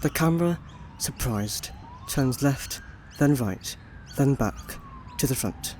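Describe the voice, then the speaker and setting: Man reading a script's stage directions, dry and matter of fact, mid pitch, faint background hum. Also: animated, slow. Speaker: narrator reading a screenplay. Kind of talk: scripted narration of scene directions.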